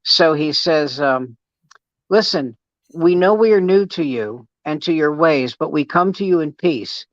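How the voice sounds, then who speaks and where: A man's voice: a little high, lively intonation, measured pace, no room sound. Wisecracking man on a dull, dry line. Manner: wisecracking storyteller. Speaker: guest comedian. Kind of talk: casual comedy podcast chat.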